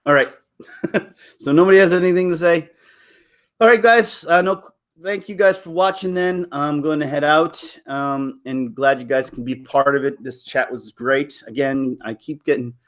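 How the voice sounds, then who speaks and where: A man's voice: fairly high pitch, normal speed, fairly bright tone. A man from Toronto chatting casually to viewers on a live stream, rambling with frequent laughs and restarts. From Toronto, Canada. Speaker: livestream host.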